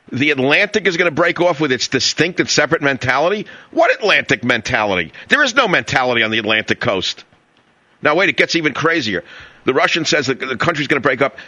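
A man's voice: medium pitch, bright, forceful tone, no room sound, dull audio. A middle-aged man with a New York accent hosting a talk radio show, brash and mocking, full of sarcasm.

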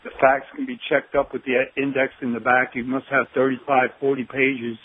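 A man's voice: medium pitch, flat delivery, normal speed, slightly rough. Earnest male caller on a phone line. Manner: earnest, admiring, rambling. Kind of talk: phone-in call. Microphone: telephone.

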